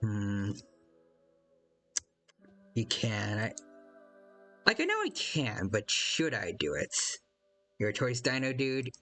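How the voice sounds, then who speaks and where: A man's voice: lowish voice, huge pitch swings, takes it slowly, long pauses, fairly bright tone, faint music behind. A man chatting casually on a live stream while playing a game, rambling and hesitant, reading out viewers' chat and greeting them by name.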